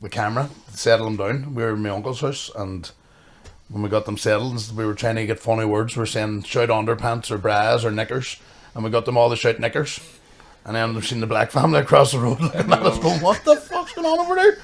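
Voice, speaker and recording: A man's voice: fairly low pitch, steady tone, brisk. A man hosting a podcast in casual chat, telling stories and swearing. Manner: chatty, swears, tells stories. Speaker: podcast host.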